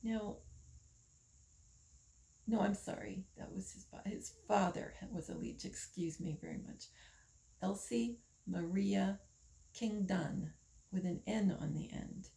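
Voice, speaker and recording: An older woman from the United States, talking slowly in a casual monologue, musing with pauses and fillers. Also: mid-range voice, gravelly, dark tone, poor audio. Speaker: vlogger.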